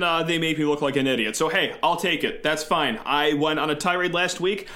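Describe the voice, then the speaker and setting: A man's voice: a little high, fairly quick, few pauses, pushed and bright. A young man co-hosting a sports podcast, giddy and boastful, laughing through trash talk. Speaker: podcast co-host. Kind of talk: excited sports podcast banter.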